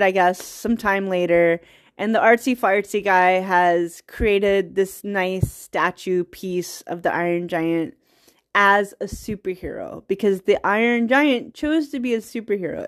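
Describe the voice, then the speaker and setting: A young woman eagerly retelling a film's plot in casual, rambling talk, laughing often and getting teary. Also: mid-range voice. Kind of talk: casual movie recap.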